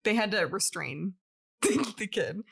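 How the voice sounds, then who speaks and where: A woman's voice: mid-range voice, animated, unhurried, creaky, fairly bright tone, slightly rough. Woman podcast host telling a creepy story, chatty, lots of likes and laughing. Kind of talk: casual storytelling chat.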